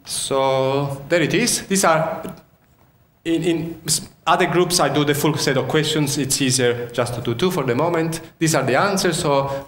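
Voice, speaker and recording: A man's voice: fairly high pitch, expressive, measured pace, a bit bright, a little hiss or hum. Italian-accented man lecturing in an echoey hall. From Sicily, Italy. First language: Sicilian. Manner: quizzes the audience, frequent restarts. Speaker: university lecturer. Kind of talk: interactive keynote lecture.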